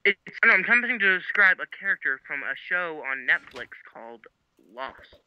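A young man chatting excitably while gaming, rambling and losing his train of thought. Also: high voice, moderate pace, clear, resonant tone. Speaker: gamer playing with a friend. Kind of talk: casual gaming chat over voice call. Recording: dull lo-fi mic with faint hiss.

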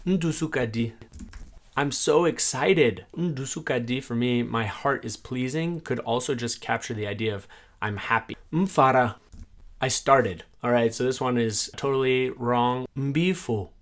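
Lively male teacher, reading phrases aloud. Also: mid-range voice. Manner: animated, says each phrase aloud and then explains it, with quick asides. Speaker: language teacher reviewing a translation tool.

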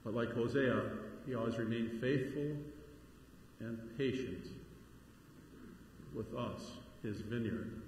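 A man's voice: mid-range voice, takes it slowly, pauses often, darkish tone, a little hiss or hum. A middle-aged man, a pastor giving a sermon in a conversational way, with frequent asides and rising emphasis. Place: large church sanctuary. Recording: very echoey church hall, faint ambience.

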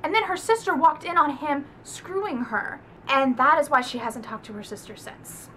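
A woman's voice: sits high, normal speed, pushed and bright, slight background noise. A young woman giving a casual, gushing book review, talking emphatically and swearing freely.

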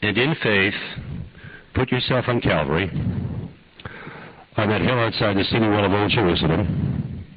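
An older man with a husky voice, leading a slow, earnest guided prayer as a preacher in a sermon. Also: fairly low pitch, dry recording, lo-fi sound.

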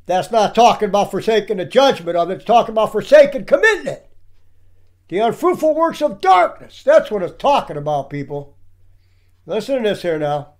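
Male commentator, preaching tone, calls out to his listeners often, fairly high voice. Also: animated, normal speed, a little mellow. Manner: emphatic, keeps addressing the audience as "people". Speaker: religious commentator. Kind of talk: preaching commentary over clips.

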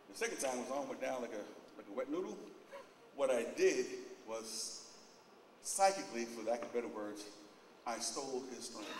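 A man giving a casual live demonstration talk to an audience, directing volunteers and getting animated as he tells stories. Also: mid-range voice. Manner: gets loud and animated in stories. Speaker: opening speaker at a lecture. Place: large echoing hall. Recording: echoey hall, distant mic, background noise.

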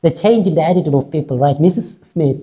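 A woman's voice: low voice, fast talker, dark tone. A woman teacher reading a play aloud and explaining each line in simple words, with many fillers and frequent "right?" checks. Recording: dull lo-fi recording.

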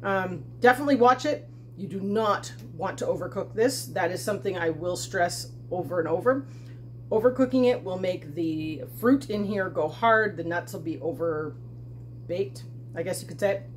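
A woman's voice: lowish voice, moderate pace, slight background noise. Chatty woman cooking at home. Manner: chatty and self-deprecating, talking while cooking. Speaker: homesteading channel host. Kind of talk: casual cooking demonstration. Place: home kitchen.

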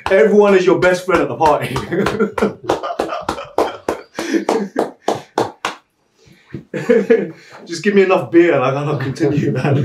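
A man's voice: on the high side, big pitch swings, very slow, long pauses, roomy sound, very noisy. A man working as a massage therapist, chatting casually and laughing often while he massages. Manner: laughs often, loose slangy storytelling.

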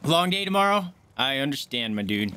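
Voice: medium pitch, big pitch swings, brisk, bright, forceful tone, soft background music. A game streamer chatting casually on a live stream, often cooing baby talk at a pet dog between gameplay remarks.

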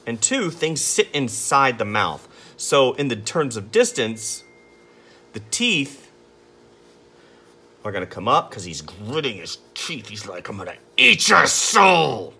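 Brief: artist narrating his sketch in a lively, sharp, husky voice. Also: medium pitch, takes it slowly, pauses often. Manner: chatty, self-amused, talks while sketching. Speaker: artist teaching drawing. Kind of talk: casual drawing tutorial chat.

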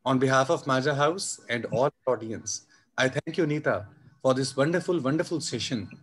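A man, hosting an online session and closing it with formal thanks, warm and full of praise. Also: medium pitch, normal speed. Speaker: host of the session.

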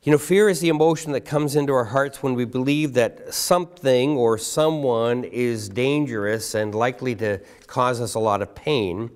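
A man preaching a sermon as guest pastor, putting rhetorical questions to the congregation and slowing down to stress key words. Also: mid-range voice.

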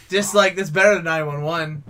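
Male co-host, high animated voice, giggly and playful. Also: noisy background. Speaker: podcast co-host. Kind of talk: casual comedic banter.

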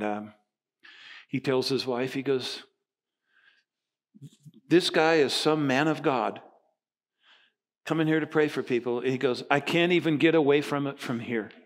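An older man in his sixties, a pastor from Nova Scotia, telling a story in a sermon and acting out the voices of the people in it. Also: mid-range voice. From Nova Scotia, Canada.

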